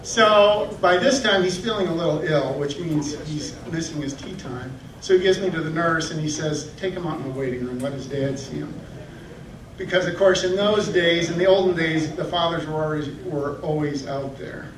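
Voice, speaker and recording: A man doing stand-up in a comedy club, recorded from far back so his voice rings through the room. His voice sits fairly high, with a steady hum of noise underneath. He mocks himself and pops into high yelping voices. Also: moderate pace. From Michigan. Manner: self-deprecating, acts out voices with sudden high yelps. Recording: echoey club from a distant camera.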